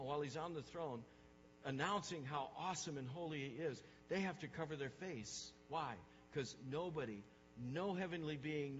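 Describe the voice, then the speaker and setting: A male pastor preaching a sermon, emphatic, repeating words for stress and swinging from hushed to loud. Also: mid-range voice, big-room sound, dull audio.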